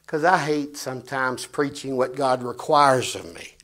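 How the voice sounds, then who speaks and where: A man preaching a fiery sermon in a church, swinging between loud shouts and quiet asides. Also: mid-range voice, measured pace. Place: church sanctuary.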